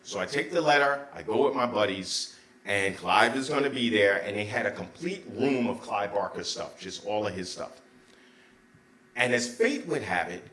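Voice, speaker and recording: A man in the middle of a live stage story, his pitch leaping and dropping with every turn. His voice is bright and forward, and the small theater wraps it in a roomy echo. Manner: animated, excitable, swings between loud bursts and hushed asides.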